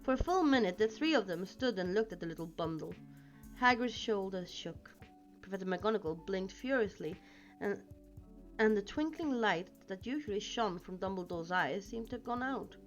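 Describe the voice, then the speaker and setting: A woman reading a novel aloud in an expressive way, with small slips, on a dull lo-fi recording with faint music. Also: mid-range voice, moderate pace. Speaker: reader.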